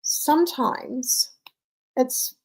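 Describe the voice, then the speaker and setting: A woman's voice: high-pitched, extremely slow, a little mellow, poor audio. A woman in her fifties, a mindset coach, telling a personal story in an earnest, conversational motivational talk.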